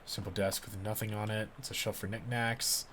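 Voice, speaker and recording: A man's voice: lowish voice, flat delivery, brisk, fairly bright tone, a little hiss or hum. A man doing casual game commentary, reading the on-screen text aloud with a joking manner. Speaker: gamer.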